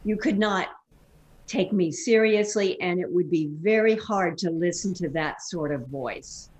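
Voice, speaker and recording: A woman's voice: lowish voice, a little slow, a little mellow, low-quality recording. A woman guest who works as a voice coach, explaining vocal technique in an interview and demonstrating exercises. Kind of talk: interview answers.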